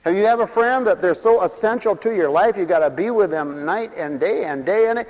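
A man preaching a comic, theatrical sermon, dropping to hushed asides and then shouting as he acts out little scenes. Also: high voice, brisk, long reverb tail.

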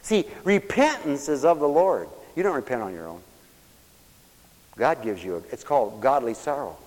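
Animated, emotional male preacher in a hall. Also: medium pitch, moderate pace. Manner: emotional, exclamatory, swings between hushed and loud. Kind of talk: sermon.

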